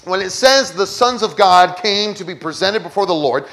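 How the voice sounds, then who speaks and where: A male preacher with a notably high voice teaches from the pulpit in a relaxed, conversational way. He keeps checking in with his listeners and restates each verse in everyday words. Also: normal speed. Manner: conversational Bible teaching, asks "okay?" often and paraphrases verses. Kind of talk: sermon.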